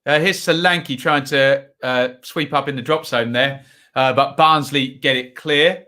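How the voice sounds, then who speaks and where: Bright-voiced man hosting a football watchalong. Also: medium pitch, fairly even intonation, measured pace. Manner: chatty, rambling commentary full of asides and tag questions. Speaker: watchalong host. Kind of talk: live football watchalong commentary.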